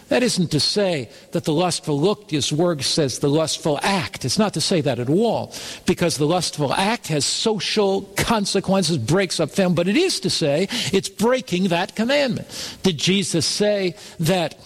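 A man's voice: high voice, expressive, normal speed. A man preaching a sermon, firing rhetorical questions and emphatic call-and-response. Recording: long hall reverb.

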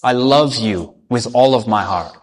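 A man voicing a gentle, loving king disguised as a peasant, speaking softly and tenderly. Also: a little high, lively intonation, normal speed, voice pushed down. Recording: long hall reverb.

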